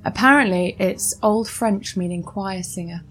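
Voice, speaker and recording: A woman's voice: mid-range voice, measured pace, fairly bright tone, soft background music. A woman chatting as a podcast guest in an easygoing, wry way. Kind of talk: casual podcast chat.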